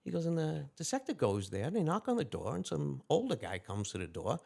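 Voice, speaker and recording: A gravelly-voiced man, rattling off stories at a quick clip. He tells them animatedly and acts out the other people's lines along the way. He is a retired lieutenant, speaking as a guest in a casual interview. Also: a little high. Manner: animated anecdotes with quick quoted dialogue.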